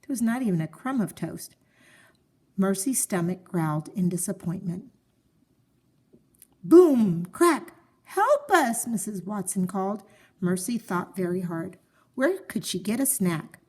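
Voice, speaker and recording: A woman reading a children's storybook aloud with expressive, gently paced storytelling. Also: medium pitch, normal speed.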